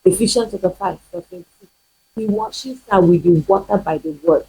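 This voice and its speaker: A woman's voice: medium pitch, moderate pace, creaky, warm tone, breathy edge, poor audio. A woman pastor, preaching emphatically in a teaching video, repeating her points and firing rhetorical questions. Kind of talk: sermon-style teaching video.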